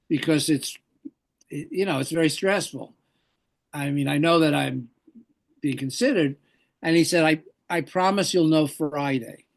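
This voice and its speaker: An older man settles into an interview anecdote, his voice gravelly and sitting a touch high. He wanders and corrects himself as he goes, quoting the people in his story. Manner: rambling anecdotes with self-corrections. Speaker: actor, interview guest.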